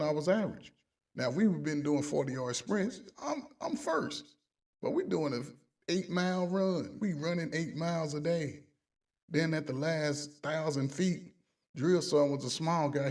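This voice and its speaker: A man's voice: mid-range voice, a little mellow, distant mic. A man, a coach, casually telling profane stories, laughing along and quoting other people in his own voice. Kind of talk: casual storytelling.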